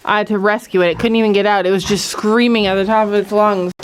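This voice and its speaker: Speaking quickly in a steady, mid-range voice, a woman in her thirties does chores in a snowy farm pen outside and chats and giggles with her vlog viewers. It's captured on a handheld camera, with a little hiss or hum.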